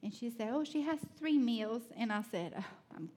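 A woman giving a sermon, telling personal stories in an animated way with laughter and soft, prayerful asides. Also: fairly high pitch, normal speed, husky. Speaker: speaker at a church.

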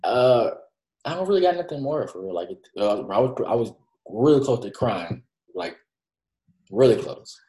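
A man's voice: mid-range voice, expressive, moderate pace, warm tone. A man casually reviewing anime with a co-host, using slang and acting out his own reactions. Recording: echoey room.

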